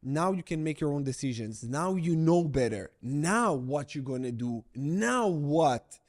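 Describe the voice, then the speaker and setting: A man's voice: a little high, expressive, a little slow, a little mellow. A middle-aged man coaching viewers through breakup recovery, blunt and emphatic, repeating his key phrases for weight. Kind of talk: direct-to-camera coaching talk.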